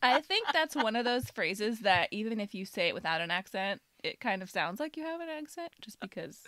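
A woman's voice: mid-range voice, big pitch swings, brisk, sharp tone, slight background noise. A woman co-hosting a podcast, in casual, chatty talk with frequent laughter. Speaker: podcast co-host. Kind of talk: casual chat.

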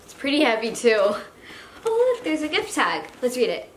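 Young woman, high bouncy voice, gushing unboxing chatter, echoey room. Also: huge pitch swings, moderate pace. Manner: gushing, gasping, many "like" fillers. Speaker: slime YouTuber host. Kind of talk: excited unboxing vlog. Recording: echoey room with faint noise.

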